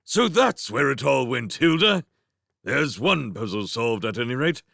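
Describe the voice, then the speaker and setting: A man voicing a pompous, fussy old king in a storybook reading, booming and exclaiming. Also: sing-song, measured pace, gravelly, a bit bright, no room sound, studio quality, exaggerated voice. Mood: blustering.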